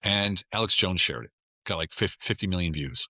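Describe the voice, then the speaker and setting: A man's voice: low voice, expressive, normal speed, pushed and bright, no room sound, studio quality. A middle-aged American man, a guest on a casual podcast, talking in a blunt, emphatic way and often repeating himself. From United States.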